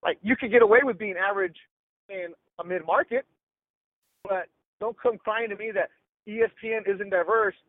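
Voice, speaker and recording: A middle-aged sports broadcaster from Los Angeles, talking bluntly and emphatically with slang in a casual podcast interview over a tinny, dry line. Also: male voice, high voice, fairly even intonation, normal speed, long pauses, no echo.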